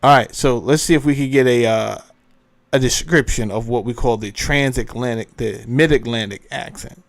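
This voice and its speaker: This host has a mid-range voice with vocal fry and talks at normal speed. Flipping through clips, he chats casually, rambling, cutting himself off, and musing out loud as he checks things.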